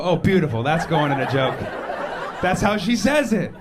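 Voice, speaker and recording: A man's voice: fairly high pitch, very animated, moderate pace, a crowd in the background. A man doing a live stand-up set, mock-indignant and self-mocking. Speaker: stand-up comedian. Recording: live club with audience noise. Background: audience laughter.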